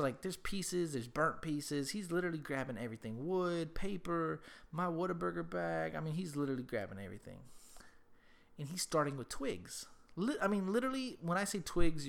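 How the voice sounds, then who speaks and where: A man's voice: a little high, gravelly, fairly bright tone. A young man hosting a casual chat, rambling through a story with lots of swearing and repeated words.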